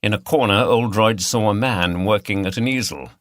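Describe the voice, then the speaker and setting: A man with a voice on the low side narrates a mystery audiobook, reading the scripted text in a measured, even storytelling manner. The studio-quality recording carries no room sound.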